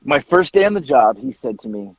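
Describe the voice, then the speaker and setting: A man on a podcast telling a casual story, animated, acting out bits of dialogue and swearing casually. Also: medium pitch, fairly quick, dry recording, dull audio. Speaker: podcast co-host.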